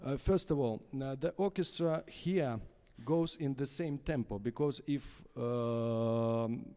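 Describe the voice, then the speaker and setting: Male conductor with a Russian accent coaching a singer, halting and unhurried, warm low tone, concert-hall reverb. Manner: halting English with many fillers. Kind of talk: opera masterclass coaching.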